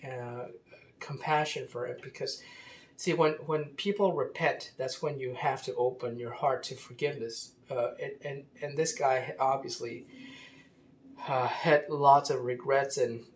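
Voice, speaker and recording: A man's voice: medium pitch, steady tone, unhurried, a little hiss or hum. Hesitant man telling a story. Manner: hesitant, many fillers and restarts. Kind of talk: casual storytelling monologue.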